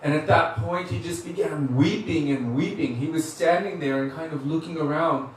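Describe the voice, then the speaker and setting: A spiritual teacher with a fairly high male voice gives a devotional class, telling stories earnestly and acting out the voices of the people in them. He speaks at a moderate pace with few pauses, recorded from a distance in a very echoey room with faint hiss.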